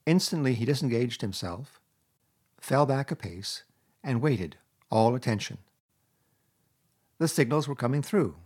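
A man narrating a classic storybook in a measured, expressive reading. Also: medium pitch, husky. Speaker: audiobook narrator.

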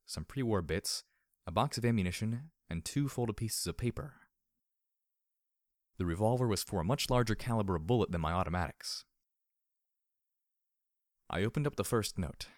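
A man narrates a first-person audiobook at a steady, measured pace. His voice is very deep. The recording is dry, with no room sound at all. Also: no room sound.

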